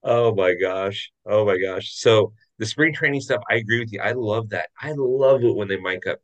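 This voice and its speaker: A man hosting a relaxed podcast, his voice sitting on the low side. He jokes and laughs readily, keeping the tone friendly and loose. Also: moderate pace, highs cut off. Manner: friendly, jokey, laughs often. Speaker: podcast host. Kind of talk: casual podcast chat.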